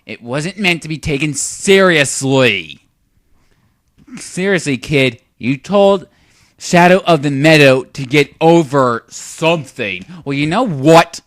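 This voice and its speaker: A man's voice: on the high side, lively intonation, takes it slowly, no room sound, clean studio sound. A young man giving a lecturing, sarcastic commentary rant on a video. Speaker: YouTube commentator.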